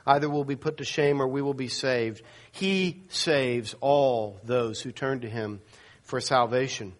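A male pastor preaching a sermon, telling a dramatic story and acting out the quoted people. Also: unhurried. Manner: storytelling, voices quoted people with rising pitch.

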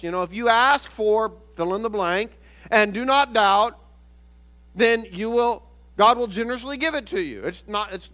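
A man's voice: high-pitched, a bit bright. A man preaching a sermon as pastor, explaining a Bible passage earnestly and often correcting himself mid-sentence.

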